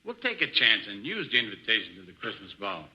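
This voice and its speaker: A man hosting and playing straight man in a 1940s radio comedy sketch, smooth and easygoing. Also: fairly low pitch, wildly swooping pitch, fast talker, sharp tone. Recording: dull, hissy 1940s radio transcription.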